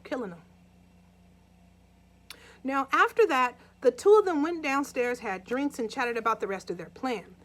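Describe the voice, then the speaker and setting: A woman's voice: high voice, a bit bright. A woman casually retelling a true crime story for her viewers in a chatty way, often asking them "right?" and "okay?" and acting out scenes from it.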